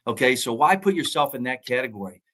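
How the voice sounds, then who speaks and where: A man's voice: medium pitch, lively intonation, fast talker, a bit bright, slight background noise. Earnest preachy middle-aged man. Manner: earnest, preachy, repeats key phrases. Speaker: college football coach and former pro player. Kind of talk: motivational interview talk.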